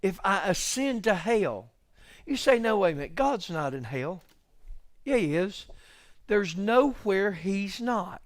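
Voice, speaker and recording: Male preacher, high voice, unhurried, live sermon, hushed asides then loud exclamations. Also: very animated, dry recording, studio quality. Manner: swings between hushed musing and loud exclamations. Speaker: pastor. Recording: live church service stream.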